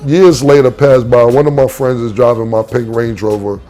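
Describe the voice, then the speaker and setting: A man telling a story in a casual interview, acting out the quotes as he goes. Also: moderate pace. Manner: animated storyteller, acts out quotes with big pitch jumps. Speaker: rapper being interviewed.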